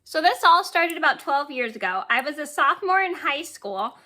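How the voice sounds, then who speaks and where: High, bright-voiced woman telling a story. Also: very animated, normal speed. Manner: rambling, repeats words and corrects herself; giggles while telling the story. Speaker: vlogger. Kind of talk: casual storytelling.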